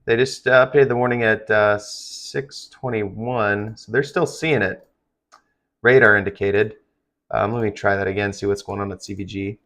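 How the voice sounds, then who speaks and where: A man with a somewhat low voice hosts a live stream covering severe storms. He sounds tired and talks loosely, wandering through his points with plenty of ums and restarts. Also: steady tone, normal speed, fairly bright tone. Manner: rambling, filler-heavy, conversational. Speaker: livestream weather host.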